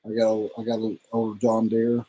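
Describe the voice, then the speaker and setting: Brief: man, mellow dark voice, relaxed rambling livestream co-host who swears casually. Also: fairly low pitch, a little fast, low-quality recording. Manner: laid-back, rambling, curses casually. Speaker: co-host of a motorcycle channel livestream.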